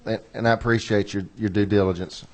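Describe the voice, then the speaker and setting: A man chairing a legislative committee hearing, folksy and apologetic, reading bill text slowly and carefully. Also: fairly low pitch, fairly even intonation, noisy background.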